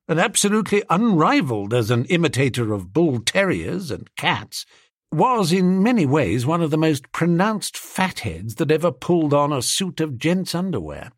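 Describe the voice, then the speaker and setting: A man reading a comic novel in the first person, in a jaunty, animated storytelling manner. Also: a little high, slightly rough, no room sound, studio quality. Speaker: audiobook narrator.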